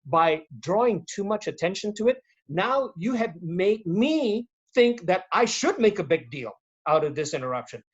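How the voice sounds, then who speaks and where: A man speaking as a guest on a video-call webinar, giving practical tips in an animated way, acting out examples as he goes. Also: sits high, normal speed, dull audio. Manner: animated, demonstrates tones and voices while explaining. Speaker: guest speaker on presentation skills. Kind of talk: webinar interview answers.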